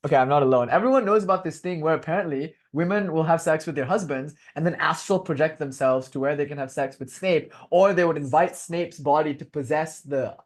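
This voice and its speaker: A young man in his twenties lectures a class in a relaxed, joking way. His voice sits fairly high for a man, and he wanders into laughing asides before pulling back to the point. The delivery is lively and conversational. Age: 20s. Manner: lively, digressive, quick to laugh. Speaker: lecturer on bhakti philosophy.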